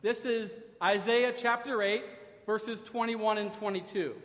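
A middle-aged male pastor from Ohio delivers a sermon in a very high voice, taking his time over each phrase. His delivery is wry and self-deprecating, with a storyteller's comic timing. The sound rings with the long reverb of a large church hall. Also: fairly even intonation, a little slow, fairly bright tone. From Ohio, USA. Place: church sanctuary. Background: congregation laughing.

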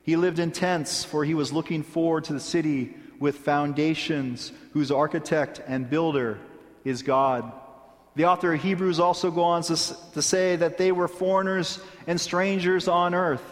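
A male pastor preaching a sermon in a measured way, with deliberate pauses. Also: on the high side, steady tone, in a large hall. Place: church sanctuary.

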